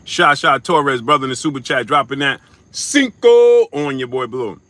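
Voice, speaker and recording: A man's voice: mid-range voice, normal speed, sharp tone, dry recording. A man hosting a casual livestream, reading out viewer names and super chats in a slangy, laid-back way, sometimes chewing as he talks. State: chewing while talking. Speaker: livestream host. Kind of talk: casual live-stream chat, reading out viewer shout-outs.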